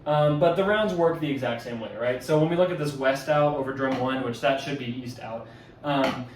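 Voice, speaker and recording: A man's voice: medium pitch, normal speed, a little hiss or hum. Casual male drum instructor in echoey room. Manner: loose and conversational, many fillers and self-corrections. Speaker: drumline instructor. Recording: echoey room, mic at a distance.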